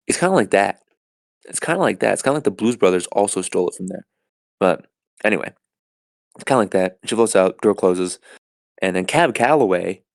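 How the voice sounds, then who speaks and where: Man, podcast host, casual rambling retelling, low voice, dry close sound. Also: no room sound. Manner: casual, filler-heavy, rambling.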